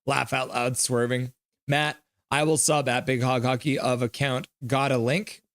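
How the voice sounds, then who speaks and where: A man's voice: medium pitch, flat delivery, a little slow, a bit bright, no echo, clean studio sound. Chatty young man hosting a live stream. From Canada. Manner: reads chat messages aloud, chatty, jumps into game commentary. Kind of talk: casual live-stream chat and play-by-play.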